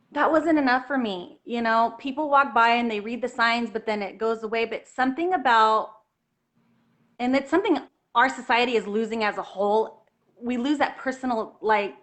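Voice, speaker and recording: A woman telling a personal story in an earnest, animated way, at times close to tears. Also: a little high. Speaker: guest telling her story.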